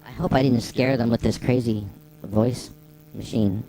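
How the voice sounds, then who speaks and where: A man at home playing a goofy jokester through a voice-changer pitch shift, in playful, self-amused live-stream banter. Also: fairly even intonation, a little slow, noisy background.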